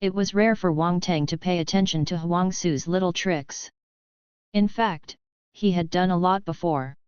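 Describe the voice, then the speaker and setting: Clear, dry-voiced woman narrator. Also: fairly low pitch, unhurried, a little mellow, no echo, muffled recording. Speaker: audiobook narrator. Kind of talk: scripted narration.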